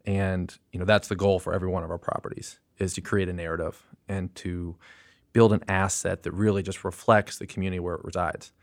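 A man with a fairly low voice answers interview questions in a measured, thoughtful way, often pausing on "you know." The recording is close and dry, with no room echo. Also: flat delivery. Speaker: interview guest, hotel company founder.

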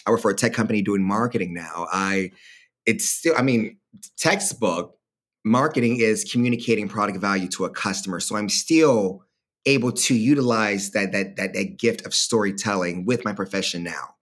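A man in his thirties, a podcast guest, talking in a casual, animated way about his college years, laughing often and acting out other people's voices. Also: fairly low pitch, moderate pace. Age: 30s. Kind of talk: casual storytelling chat.

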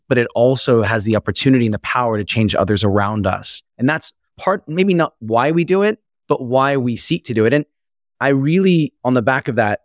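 A man's voice: mid-range voice, dry recording, studio quality. A man co-hosting a podcast interview, sharing personal experiences earnestly. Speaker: podcast co-host. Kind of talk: interview conversation.

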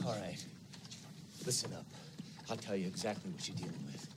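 An actor playing a grim man who briefs a group in a flat, matter-of-fact way, from a noisy film soundtrack. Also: low voice, brisk. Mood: briefing.

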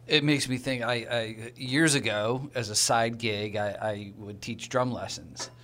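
Mid-pitched male co-host, chatty, tentative, storytelling. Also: steady tone, a little slow, a bit bright. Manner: chatty, tentative, asks questions and shares anecdotes. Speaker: podcast co-host. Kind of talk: casual conversation.

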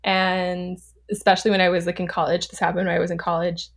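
A woman in her thirties from Southern California, a podcast guest telling a story in a chatty, animated way, laughing often and full of fillers. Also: lowish voice, quick pace. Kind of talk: casual storytelling.

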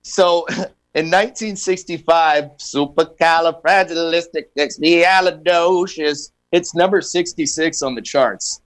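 Male host, slightly higher voice, easy jokey delivery, video-call mic. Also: measured pace. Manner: jokey, reads history items with asides. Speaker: radio show host. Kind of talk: casual comedy chat.

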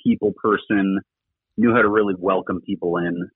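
Middle-aged ex-coach, low husky voice, earnest and rambling, heard over a thin phone line. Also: male voice, fairly even intonation, normal speed, no echo. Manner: earnest, rambling with many fillers. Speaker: former rugby coach, podcast guest. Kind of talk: casual conversational interview talk. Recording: tinny phone-line audio, dry.

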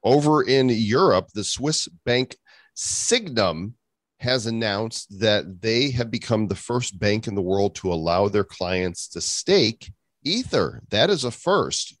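Deep-ish guy hosting crypto news, voice bounces around a lot, dry close sound. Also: lively intonation, takes it slowly, no echo. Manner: reads news items with joking asides and laughs. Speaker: host. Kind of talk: casual crypto news chat.

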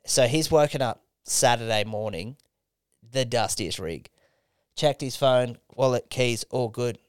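A young Australian man hosting a podcast, telling a swearing-laden story with animated quoted voices. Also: mid-range voice, measured pace, clean tone, no room sound, clean studio sound. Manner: animated, swearing yarn-spinner acting out quotes. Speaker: podcast host. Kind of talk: casual storytelling chat.

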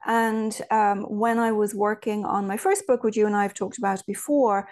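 A woman's voice: mid-range voice, fairly even intonation, moderate pace, darkish tone. Lady chatting away in an interview, tells stories, keeps restarting her sentences. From Ireland. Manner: chatty, storytelling, many restarts and asides. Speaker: guest. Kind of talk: casual interview chat.

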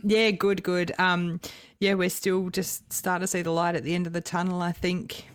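A woman co-hosting a podcast, bubbly and quick to laugh. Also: fairly low pitch, level tone, dry recording, studio quality. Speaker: podcast co-host. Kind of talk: casual chat.

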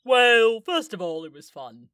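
A man's voice: very high-pitched, sing-song, pushed and bright, clean tone, no echo, clean studio sound, exaggerated voice. A man playing a gloating, sneering villain. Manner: taunting, drawn-out gloating. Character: sneering male villain, smug and mocking. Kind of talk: audio drama acting.

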